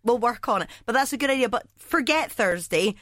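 A woman's voice: fairly high pitch, lively intonation, brisk, a bit bright, dry recording, studio quality. A woman co-hosting a podcast in casual chat, full of cheeky, teasing banter. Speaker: podcast co-host.

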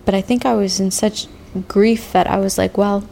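A woman in her thirties, an interviewee telling her own story in slow, halting testimony with long pauses. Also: mid-range voice, steady tone, vocal fry, warm tone, a little hiss or hum. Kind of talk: personal testimony. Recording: faint music beneath.

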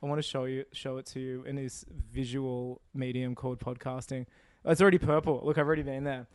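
A man's voice: medium pitch, little pitch movement, fast talker, a little mellow, clean tone, no room sound, clean studio sound. A man co-hosting a podcast in loose, rambling casual chat, swearing now and then. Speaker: podcast co-host.

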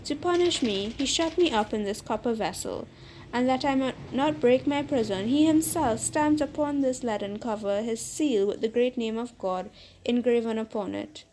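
A woman's voice: a little high, normal speed, a little mellow, a little hiss or hum, natural voice. A woman voicing a fierce, vengeful male genie who speaks in stern, archaic formal language in a storybook reading.

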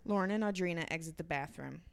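A woman's voice: lowish voice, fast talker, creaky, clean tone, dry recording, clean studio sound. A woman reading the stage directions aloud in a comedy script reading.

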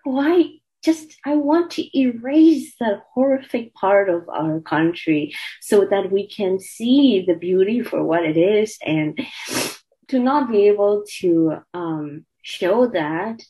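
A woman's voice: medium pitch, lively intonation, slow pace, mellow, low-quality recording. A young woman from Myanmar, a student activist, speaking earnestly and with feeling as an interview guest, with frequent fillers. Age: young adult. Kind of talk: emotional interview conversation.

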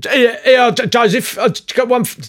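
Casting: a man doing a high, stammering, pushy job-club man, excitable and bossy. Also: normal speed. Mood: insistent.

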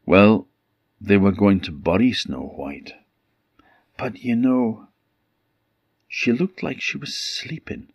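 Low, slow storyteller man. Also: very animated, breathy edge, dry recording. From Orkney Islands. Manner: unhurried, emphatic storytelling. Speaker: traditional storyteller. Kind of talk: oral fairytale telling. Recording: dull lo-fi recording.

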